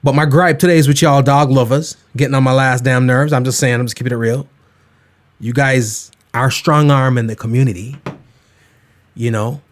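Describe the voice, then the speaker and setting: A podcast host with a mid-range voice and moderate pace goes on a comedic rant in casual talk. He's animated and emphatic, keeping it real.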